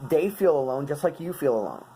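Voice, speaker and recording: A man in his twenties, talking earnestly and haltingly as a vlogger, searching for his words. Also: a little high, lively intonation, dark tone, a little hiss or hum, low-quality recording. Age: 20s. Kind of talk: casual talk explaining song lyrics.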